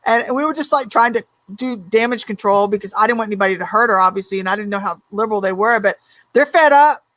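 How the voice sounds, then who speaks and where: A woman hosts a talk show with a slightly high voice. She chats freely, backs her guest with frequent yeahs and tells lively stories. The sound is close and dry. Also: no echo. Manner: chatty, animated storyteller, many yeahs. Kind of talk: casual interview talk.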